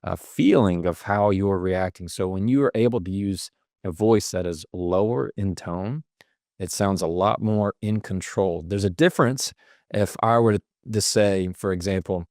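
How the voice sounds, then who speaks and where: Male guest, low-ish voice, dry close sound, explains advice and demos example phrasing. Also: measured pace, darkish tone, no echo. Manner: illustrates points with acted-out sample lines. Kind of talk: conversational advice.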